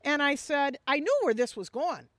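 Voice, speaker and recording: A woman who leads a missions ministry, telling a personal testimony in an animated way and acting out the dialogue. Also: high-pitched, normal speed, no echo.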